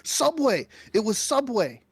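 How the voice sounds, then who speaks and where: A man co-hosting a casual talk stream, telling stories in an animated way and swearing often. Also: extremely high pitch, measured pace, husky, dry recording. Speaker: co-host. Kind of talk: casual chat.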